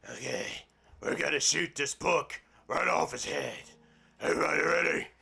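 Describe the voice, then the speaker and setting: A man's voice: fairly high pitch, measured pace, creaky, pushed and bright, breathy edge. A man reading a book aloud in a game roleplay, breaking off into crude, profane, mocking asides. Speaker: gaming roleplay streamer.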